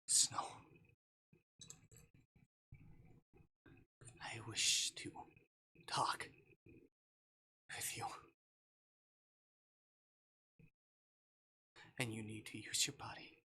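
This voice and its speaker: Casting: whispered role-play, a penitent fae captor, formal hushed delivery, bright airy tone. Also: male voice, on the low side, level tone, slow pace, exaggerated voice. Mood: gentle. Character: remorseful soft-spoken male fae captor.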